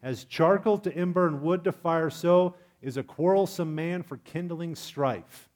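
A man preaching a sermon in a lively, humorous way, asking his congregation questions. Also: a little high, a little slow. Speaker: pastor.

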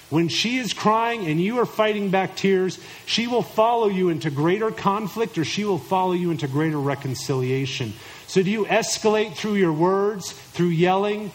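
A man's voice: high-pitched, poor audio. A middle-aged man preaching a sermon to husbands, emphatic and direct, acting out imagined listeners in mock voices. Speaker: pastor.

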